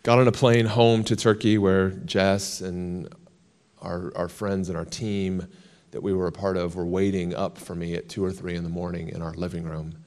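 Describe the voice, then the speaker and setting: An American man, a guest in an interview, telling a long story with lively quoted lines. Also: sits low, moderate pace. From United States.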